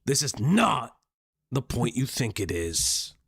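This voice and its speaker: Man, commentary streamer, exasperated, swears a lot, lively swinging pitch, dry close sound. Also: takes it slowly, slightly rough, dry recording. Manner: exasperated, swearing, laughing often. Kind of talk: heated reaction commentary.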